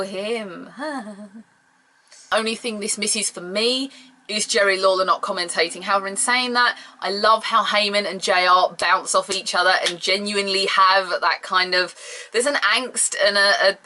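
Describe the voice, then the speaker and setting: A woman's voice: medium pitch, pushed and bright. A woman reviewing an old wrestling event in a casual, rambling way, gushing as a fan and apologizing for her tangents.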